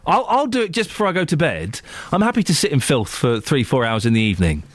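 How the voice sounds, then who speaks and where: Animated, teasing radio host, a man. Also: fairly high pitch, quick pace, dry recording. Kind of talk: phone-in radio chat.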